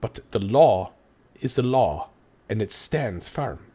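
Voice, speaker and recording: A man voicing a strict male dwarf constable who speaks in formal, measured pronouncements. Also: on the low side, lively intonation, warm tone, husky, heavily acted. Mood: stern.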